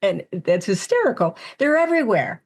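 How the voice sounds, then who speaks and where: An older woman chats through her stories in an even, middle-pitched voice. She animates the quotes as she goes, easy and talkative. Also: normal speed, husky. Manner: chatty, animated storyteller who acts out quotes. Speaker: guest medium. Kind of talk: casual storytelling interview.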